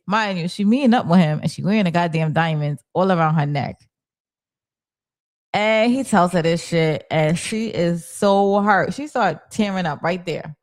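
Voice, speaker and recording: A woman's voice: medium pitch, normal speed. A woman talks through a TV episode in a loose, chatty stream. She jumps into the characters' lines as she retells each scene. Now and then she breaks off to answer viewers in the chat. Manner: animated storyteller, acts out characters' lines, reads viewer chat. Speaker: show recap host. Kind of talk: casual TV recap livestream.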